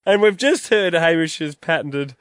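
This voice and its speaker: A man's voice: on the high side, animated, measured pace, a bit bright, no room sound. A man co-hosting a radio show, interjecting and questioning. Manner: interjecting, quizzical. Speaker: radio co-host. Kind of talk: radio banter.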